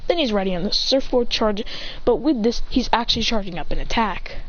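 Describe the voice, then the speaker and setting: A woman's voice: expressive, a little fast. A woman telling an improvised fan story, acting out the characters' lines in between. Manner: rambling, acts out lines, jumps in pitch. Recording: dull lo-fi home recording with faint hiss.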